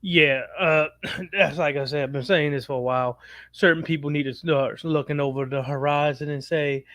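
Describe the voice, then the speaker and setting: A man's voice: fairly high pitch, fairly even intonation, moderate pace, a bit bright, no echo. A man co-hosting a podcast who gives blunt, slangy opinions on wrestling. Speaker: podcast co-host. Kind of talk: casual wrestling chat.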